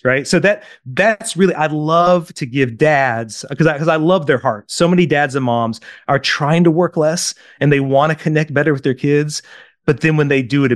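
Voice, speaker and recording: A man's voice: fairly high pitch, no room sound, studio quality. A man talking as a parenting coach in an interview, telling stories animatedly, acting out quotes and often checking in with "right?". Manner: animated storyteller, acts out quotes, keeps asking "right?". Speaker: parenting coach, podcast guest. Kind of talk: interview talk with anecdotes.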